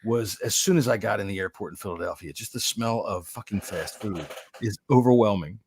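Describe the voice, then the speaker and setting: A man co-hosting a sports podcast, talking loudly and joking with plenty of swearing. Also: on the low side, a little fast, slight background noise. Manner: loud, profane, joking. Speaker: podcast co-host. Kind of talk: casual sports podcast chat.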